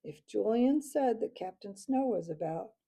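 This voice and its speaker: Slow, husky woman reading a storybook. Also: medium pitch. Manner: measured, steady reading. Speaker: audiobook reader. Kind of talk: storybook narration.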